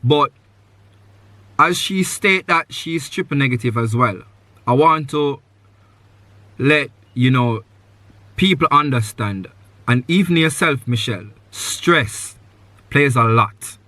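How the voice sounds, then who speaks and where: A man's voice: mid-range voice, animated, slow, pauses often, pushed and bright, no echo. A man hosting a live podcast, giving earnest advice to a guest, repeating his main points and filling his talk with "you know.". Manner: loose sentences with many "you know" fillers. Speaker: podcast host.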